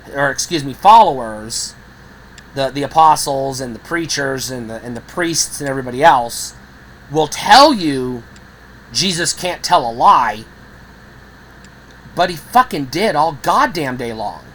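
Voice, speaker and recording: A woman's voice: low voice, a little hiss or hum, poor audio. A woman in a candid personal monologue, blunt and heavily profane, growing heated and acting out the voices she quotes. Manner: animated, acts out quoted voices. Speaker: video creator.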